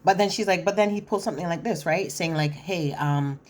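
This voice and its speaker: Talking fast in a mid-range voice, a woman who comments on reality TV delivers a chatty, casual recap. She's blunt, slangy and leans heavily on fillers.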